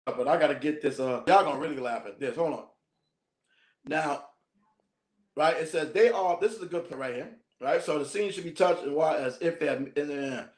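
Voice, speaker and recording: A man's voice: fairly high pitch, normal speed, reverberant. A man teaching as a minister, reading a text aloud and breaking off into slangy, joking asides with frequent laughs.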